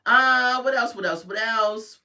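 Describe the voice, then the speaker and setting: A woman's voice: fairly high pitch, unhurried, sharp tone, recorded from a distance. A woman giving a chatty, gossipy recap of a reality TV episode and talking straight to her viewers. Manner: chatty, addresses viewers directly. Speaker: reality TV reviewer.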